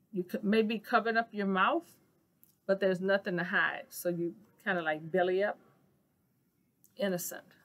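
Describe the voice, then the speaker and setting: A friendly-sounding woman teaches sign vocabulary to a camera at home. She chats along with plenty of ums and uhs, then slows down to say each word again and again. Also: fairly low pitch, a bit bright. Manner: chatty, many fillers, repeats each sign word slowly. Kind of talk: casual instructional video.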